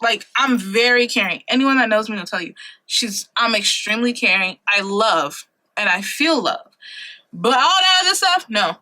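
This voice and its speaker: A woman's voice: fairly high pitch, lively intonation, normal speed, sharp tone. A woman in her late twenties talking casually to camera in a vlog, chatty and dramatic, laughing often. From Ohio, USA. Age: 20s. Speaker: vlogger. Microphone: compact camera mic.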